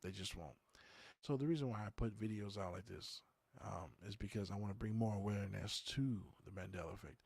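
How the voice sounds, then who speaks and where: Gravelly low-voiced man, rambling chat. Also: dry recording. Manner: rambling, conversational, many fillers. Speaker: podcast host. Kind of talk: casual livestream chat, reading viewer comments.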